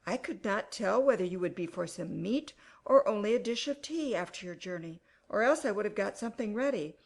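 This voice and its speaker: Woman voicing anxious fussing mother, middle-aged, complaining, lively swooping pitch, audiobook drama. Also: fairly quick, gravelly. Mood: fretful.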